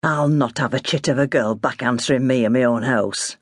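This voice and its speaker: A man's voice: mid-range voice, brisk, no echo, studio quality, lightly acted. A woman voicing a stern older farmer father, blunt and scornful.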